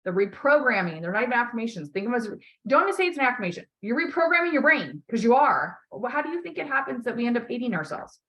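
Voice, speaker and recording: Woman, life coach, bright forceful voice, blunt, swears a lot, encouraging. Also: on the high side, sing-song, fast talker, few pauses. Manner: blunt, emphatic, swears often; encouraging, repeats key phrases. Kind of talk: coaching call.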